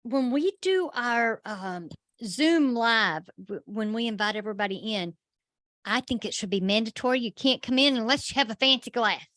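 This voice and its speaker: A woman's voice: a little high, animated, normal speed, a bit bright, no echo, studio quality. A woman co-hosting a podcast over a video call, chatting playfully and laughing often. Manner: giggly, playful, frequent laughter. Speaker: podcast co-host. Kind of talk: casual chat.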